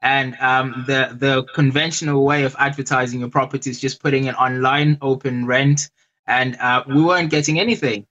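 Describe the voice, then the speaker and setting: A man's voice: medium pitch, steady tone, moderate pace, fairly bright tone, dull audio. Hesitant man answering interview questions. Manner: hesitant, many fillers and restarts. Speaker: interview guest. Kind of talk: casual interview.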